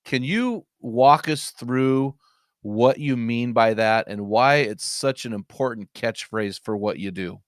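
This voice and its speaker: A man's voice: mid-range voice, slow, no echo, clean studio sound. A man in his forties, a former pastor, hosting a podcast and asking earnest questions. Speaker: podcast host. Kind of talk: interview questions.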